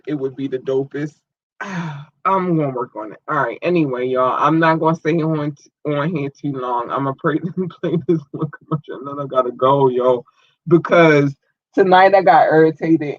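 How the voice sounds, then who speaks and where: A woman's voice: low voice, no room sound. A woman hosting a podcast, ranting in a blunt, profane, fired-up way, with dull lo-fi sound. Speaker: podcast host. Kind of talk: live podcast rant. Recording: dull lo-fi audio.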